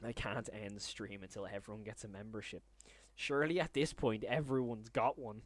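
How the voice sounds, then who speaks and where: A man live streaming, stunned and repeating himself in disbelief, swinging between loud outbursts and low muttering. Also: steady tone, brisk, dry recording. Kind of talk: live stream reaction to chat.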